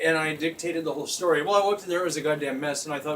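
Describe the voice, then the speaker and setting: A young man telling a comic story in casual chat, laughing constantly, swearing and acting out loud screams. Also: on the high side, rapid-fire, few pauses. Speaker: storyteller guest. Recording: distant mic with faint background noise.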